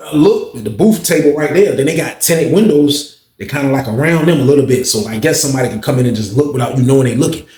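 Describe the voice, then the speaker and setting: A man telling a story in a casual, animated way, acting out the people in it. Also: mid-range voice, fast, few pauses, reverberant. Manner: animated, acts out voices in his stories.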